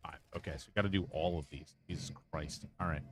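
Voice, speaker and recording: A man's voice: very deep voice, steady tone, fast talker, slight background noise. A man streaming a game and chatting casually, rambling and reacting as he plays, swearing freely into a close desk mic. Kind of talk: casual live-stream gameplay commentary.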